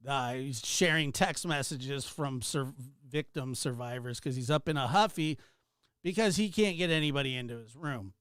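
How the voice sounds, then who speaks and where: A male livestream host rants heatedly and sarcastically while giving shout-outs to viewers in chat. His medium-pitched voice is clear, resonant, and a bit bright at normal speed, captured in clean studio sound with no echo.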